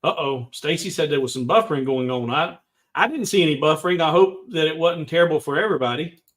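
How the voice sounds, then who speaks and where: Middle-aged man, livestream host, slightly high voice, loose and rambling. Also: animated, fast. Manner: rambling, talks to chat viewers by name. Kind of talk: casual livestream chat.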